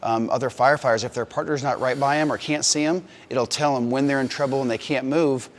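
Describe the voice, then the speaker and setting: A man's voice: mid-range voice, fairly even intonation, fairly quick, slight background noise. A man, a firefighter, patiently explaining protective gear to children in plain words. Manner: patient, plain, talks straight to kids.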